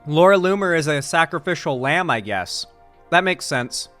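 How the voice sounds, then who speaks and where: A young man from Florida talks over news clips in a loose, sarcastic commentary style. His voice sits a little high for a man, and a faint bed of music plays quietly behind him. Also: lively intonation, moderate pace. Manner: chatty, sarcastic asides, puts on mock Southern voices. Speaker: political commentary streamer. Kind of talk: casual reaction commentary.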